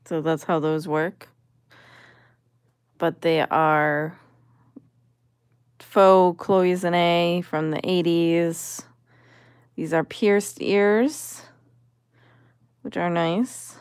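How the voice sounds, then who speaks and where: A woman with a lowish voice talks slowly through a jar of vintage jewelry, musing over and appraising each piece. The sound is close and dry, with no room echo. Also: steady tone, smooth. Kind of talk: casual commentary while sorting jewelry.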